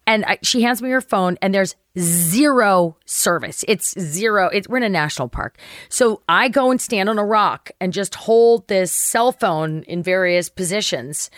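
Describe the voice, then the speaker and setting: A woman's voice: medium pitch, no echo. Actress lady telling a story on a podcast, does all the voices, swears a bit, dry close sound. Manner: animated, acts out quoted voices, swears casually. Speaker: guest actress. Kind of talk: storytelling interview chat.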